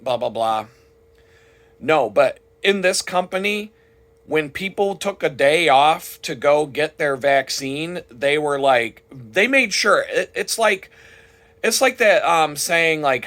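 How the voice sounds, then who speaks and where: A man with a mid-pitched voice rants to the camera, indignant and blunt. He swears constantly and speaks in a loose, heated, conversational way. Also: moderate pace, a bit bright. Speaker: vlogger. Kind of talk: profane ranting monologue.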